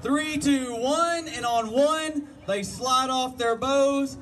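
A man's voice: extremely high pitch, slow, fairly bright tone. A man hosting a contest, announcing a prize draw and explaining the rules in a folksy, step-by-step way. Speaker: contest host. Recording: distant mic, noisy outdoor event.

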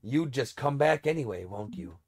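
A man voicing a cruel, menacing male king who gloats in a low, slow, taunting voice. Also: expressive, husky.

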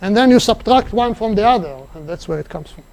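A man giving a mathematics seminar lecture, explaining step by step and pausing to think, with restarts. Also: sits high, animated, creaky, a little mellow. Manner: halting, thinking aloud with restarts. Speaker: seminar speaker. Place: seminar room.

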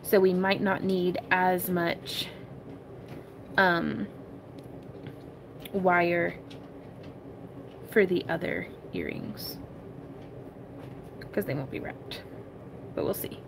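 A woman's voice: on the low side, animated, drawn-out words, creaky, pauses often, a little hiss or hum. A woman hosting a casual crafting tutorial livestream from her home craft room. She chats with viewers, giggles often and calls them y'all.

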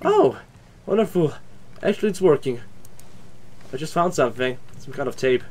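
A young man hosting a horror game playthrough, talking loud, swearing and bursting into screams. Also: fairly high pitch, sing-song, normal speed. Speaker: gaming channel host.

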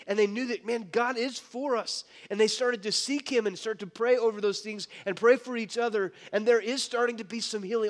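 A man preaching a sermon as pastor, impassioned and conversational, with frequent restarts. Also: high-pitched. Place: church sanctuary. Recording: church hall reverb.

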